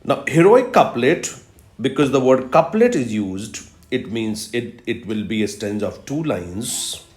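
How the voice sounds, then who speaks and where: Speaking slowly in a lively, medium-pitched male voice, a professor of literature records a video lecture in an echoey room. His approach is step by step, with key terms repeated and plenty of "uh"s.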